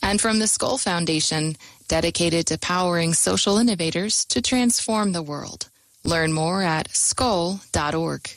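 A woman's voice: lowish voice, a little slow, no room sound, rough recording. Woman reading public radio funding credits. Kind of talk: scripted underwriting read.

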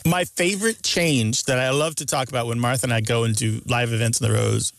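A man co-hosting a call-in radio show, explaining word pronunciations in a lively way and stressing words as examples. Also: medium pitch, brisk, vocal fry, dry recording. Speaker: radio show co-host and language expert. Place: radio studio. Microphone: studio microphone.

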